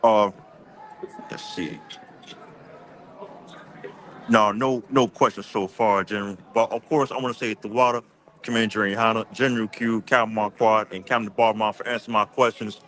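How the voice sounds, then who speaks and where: A man with a fairly low voice hosts the interview, nodding along with steady short affirmations. He speaks in a relaxed live-stream manner. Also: a little fast. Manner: affirming, frequent back-channel replies. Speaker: host and interviewer.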